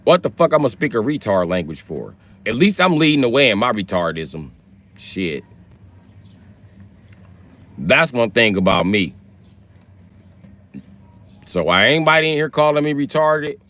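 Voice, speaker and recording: A man livestreaming a loud, profane comedic rant, jumping between low mutters and high outbursts. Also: big pitch swings, measured pace, long pauses. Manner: loud, profane, swings pitch wildly.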